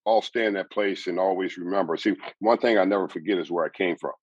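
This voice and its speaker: A man's voice: low-pitched, fast talker, husky, no echo, muffled recording. A man giving a personal faith testimony as an interview guest, telling his story earnestly, with repeats and restarts.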